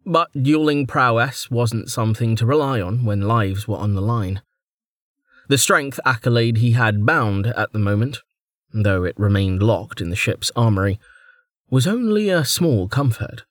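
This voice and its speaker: A man narrating a fantasy audiobook in steady, measured scripted narration. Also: mid-range voice, dry recording, clean studio sound.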